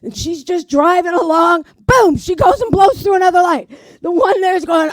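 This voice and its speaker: A woman's voice: very high-pitched, animated, normal speed, few pauses, no room sound, clean studio sound. A woman doing stand-up, telling old jokes in a brash manner and swearing at the audience. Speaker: stand-up comedian. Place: community arts center stage.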